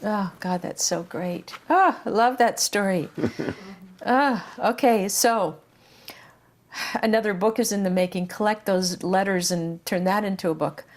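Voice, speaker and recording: Woman host, mid pitch, warm affirmations between questions. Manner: warm, encouraging, quick affirmations. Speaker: interview host. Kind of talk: conversational interview.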